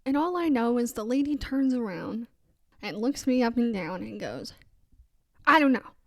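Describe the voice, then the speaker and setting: A woman's voice: fairly high pitch, animated, normal speed, warm tone, no echo. A young adult woman hosting a casual faith podcast, telling a story in a chatty way and quoting other voices. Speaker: podcast host.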